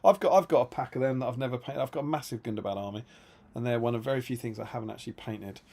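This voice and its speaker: A man's voice: medium pitch, rapid-fire, a little mellow. A man co-hosting a live stream, chatting casually and telling rambling stories with many restarts. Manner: rambling, self-interrupting storyteller, reads chat aloud. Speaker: stream co-host.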